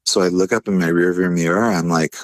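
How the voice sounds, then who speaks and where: Low-voiced laid-back man. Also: brisk, no echo. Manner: animated, acts out quotes in a higher voice; laid-back, lots of fillers and "like". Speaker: podcast guest. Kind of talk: casual storytelling.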